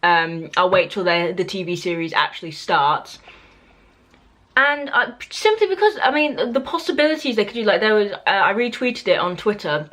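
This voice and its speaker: A woman's voice: mid-range voice, animated, normal speed, fairly bright tone. A young British woman with a British accent, chatting casually to camera in a review vlog. She is opinionated and talks loosely, with lots of fillers and restarts. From Britain. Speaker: book and TV reviewer.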